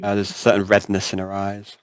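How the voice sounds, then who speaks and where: A man's voice: on the low side, completely flat delivery, a little fast, smooth, dry recording, clean studio sound. A man narrating as game master of a tabletop role-playing game, rambling with frequent hesitations. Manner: rambling, many "uh" fillers.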